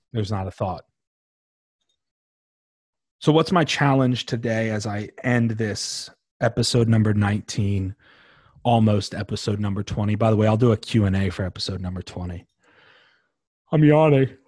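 A young man hosting his own podcast, talking casually and emphatically with a slangy, animated delivery. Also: medium pitch, dry recording, clean studio sound. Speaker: podcast host. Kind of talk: casual solo podcast talk.

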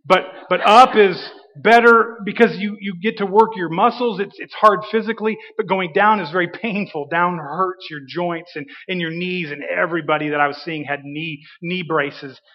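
A man, a preacher giving a sermon testimony, telling his story with dramatic pauses and emphasis. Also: sits high. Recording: dull reverberant hall.

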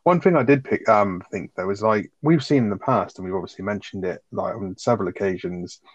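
A man chatting casually on a podcast, retelling sitcom scenes with swearing and quick asides. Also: lowish voice, no room sound, muffled recording. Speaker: podcast co-host. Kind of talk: casual chat reviewing a sitcom episode.

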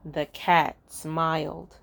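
A woman reading a children's storybook aloud in an expressive, sing-song way. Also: low-pitched, extremely slow, vocal fry, heavy background noise. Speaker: storybook reader.

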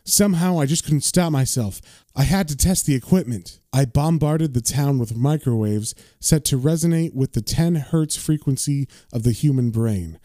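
A man reading out the lines of a male scientist who has unleashed chaos, in a slow, low voice. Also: mellow, no room sound, studio quality, lightly acted. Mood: brooding. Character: male scientist, guilty yet gleeful.

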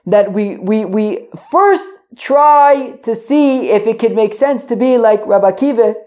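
A woman's voice: on the high side, lively intonation, a little slow, darkish tone. A woman hosting a casual Talmud study lesson, reasoning aloud, restarting her sentences and checking that listeners follow. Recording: dull lo-fi audio.

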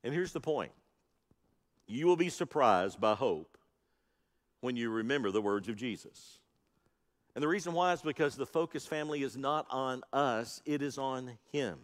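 A man's voice: mid-range voice, expressive, moderate pace, pauses often, in a large hall. A male pastor preaching an Easter sermon, with rising and falling emphasis and calls out to the congregation. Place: church sanctuary.

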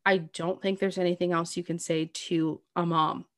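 Woman, lowish voice, casual heartfelt chat, earnest, reassuring, talkative. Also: flat delivery, moderate pace, dry recording, clean studio sound.

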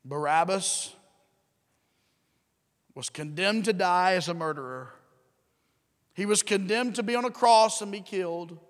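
A man preaching a sermon, acting out voices, swinging from loud bursts to hushed drops. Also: high-pitched, measured pace, pauses often, big-room sound. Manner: animated, acts out crowd and Pilate, rising and dropping to near whisper. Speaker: pastor.

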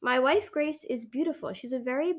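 A woman's voice: high voice, brisk. A young woman co-hosting a casual podcast, reading posts aloud with a playful, giggly manner. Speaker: podcast co-host.

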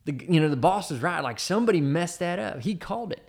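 A man voicing a younger male soldier who talks in an excited, teasing way. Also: a little high, quick pace, vocal fry, voice pushed up.

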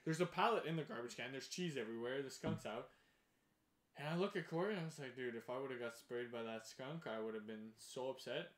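A man telling a wild story in casual chat, animated, swearing and laughing as he goes. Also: medium pitch, a little fast. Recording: echoey room.

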